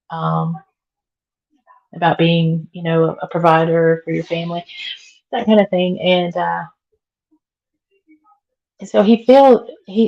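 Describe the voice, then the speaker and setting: A woman's voice: on the low side, vocal fry, darkish tone, dull audio. A woman hosting a casual livestream from home while she cleans. She chats with viewers, answers their comments and laughs often, and her voice is worn from being sick. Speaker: livestream host. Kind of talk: casual live chat.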